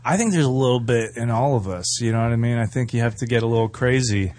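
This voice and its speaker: A man tells a story in a casual interview with a middle pitch. His talk is rambling and profane, and he often laughs. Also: fast, a little mellow, no room sound. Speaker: guest, professional wrestler.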